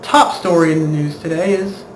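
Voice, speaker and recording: A young man hosts a student comedy video blog in an earnest, mock-newsreader manner. He sounds echoey, picked up from across a room. Steady noise runs under his voice. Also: on the high side, normal speed. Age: young adult. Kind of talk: scripted comedy chat. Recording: echoey room from far off, noisy.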